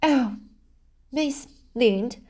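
A woman's voice: high-pitched, drawn-out words, darkish tone, voice pushed up, exaggerated voice. A woman voicing a dramatic, talkative young orphan girl pleading for forgiveness in a storybook.

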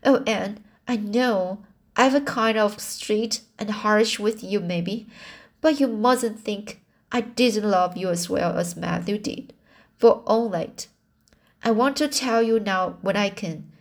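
A woman reading aloud and voicing a stern older woman softened by grief, speaking plainly and earnestly from a storybook. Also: mid-range voice, slow pace. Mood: tender.

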